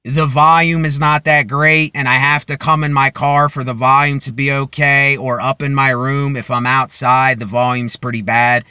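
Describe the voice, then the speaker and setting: A man vlogging a motivational monologue into a cheap phone from inside his car, speaking deliberately and loudly as if to a crowd. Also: mid-range voice, little pitch movement, smooth, dry recording. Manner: slow and deliberate, projecting as if to a crowd.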